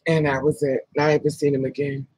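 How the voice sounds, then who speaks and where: In a casual vlog, a man shares a personal story in a somewhat high, slightly rough voice, speaking a little fast. Blunt and profane, he tells it with energy and performs the other people's lines himself. The audio is poor, with no echo.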